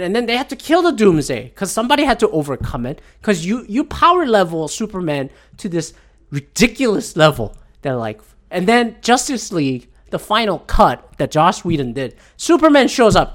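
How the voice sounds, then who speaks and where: A man hosting his own podcast and venting with plenty of swearing. His pitch leaps up and down in a lively, exasperated rant, and he sounds a little teary and keeps gulping. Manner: profane, exasperated ranting. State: teary and gulping after a swab test. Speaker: podcast host.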